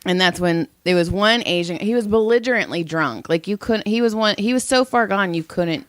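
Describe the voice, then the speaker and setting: A woman's voice: medium pitch, brisk, no echo, studio quality. A woman co-hosting a casual chat, telling stories bluntly and with plenty of swearing. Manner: blunt, profane storytelling. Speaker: podcast co-host.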